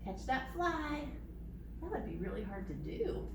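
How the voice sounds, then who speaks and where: A woman's voice: high voice, sing-song, unhurried, background noise. A young adult woman, a children's librarian, leading a preschool storytime in a library, sing-song and calling on the children to join in. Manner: sing-song, leads children in bird sounds and movements. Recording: echoey room, distant mic, faint ambience.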